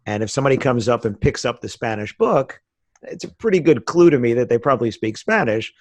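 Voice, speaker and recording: A man's voice: mid-range voice, animated, a little fast, darkish tone, dry recording. A middle-aged American man from the United States, a podcast guest chatting casually and telling stories with frequent laughs. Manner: chatty storyteller, laughs often.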